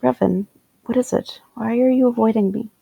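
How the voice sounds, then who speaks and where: A woman's voice: a little high, fairly even intonation, moderate pace, vocal fry, warm tone, husky, no room sound, heavily acted. A woman playing a worried young woman who anxiously pleads with her companion in a tabletop game. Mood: pleading.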